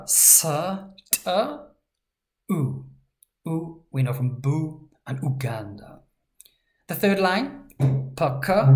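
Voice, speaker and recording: Lady teacher with a low voice, chatty and playful, says each sound out slow. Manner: chatty, playful asides, spells sounds out slowly. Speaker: language teacher. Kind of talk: relaxed spoken lesson.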